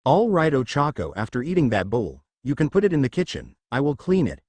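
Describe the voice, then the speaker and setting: A man voicing a humble, gentle middle-aged mother in a fan fiction reading. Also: mid-range voice, very animated, a little fast, no room sound.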